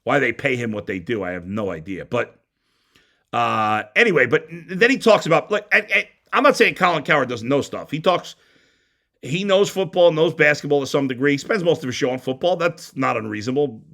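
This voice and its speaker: A man's voice: medium pitch, animated, fairly quick, fairly bright tone. A man hosting a sports talk show, ranting bluntly and heatedly with frequent stumbling restarts. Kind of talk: opinionated sports radio rant.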